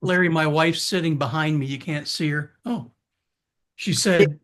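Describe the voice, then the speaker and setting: A man's voice: on the high side, a little slow, fairly bright tone. A man on a casual panel, eagerly cutting in to pass on a remark. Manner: eager, interrupting.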